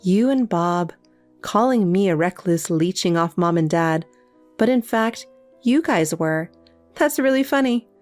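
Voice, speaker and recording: A synthetic woman's voice playing a calm, cold younger sister in a text story, with faint music behind. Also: fairly low pitch, unhurried, no echo. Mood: cool. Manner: cold, matter-of-fact.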